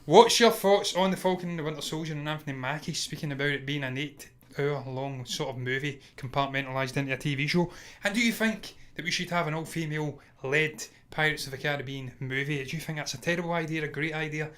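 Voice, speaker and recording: A man's voice: fairly high pitch, quick pace, hardly any pauses, fairly bright tone. A man co-hosting a casual movie news chat, speaking in an opinionated, emphatic way and laughing easily. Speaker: co-host of a movie news show.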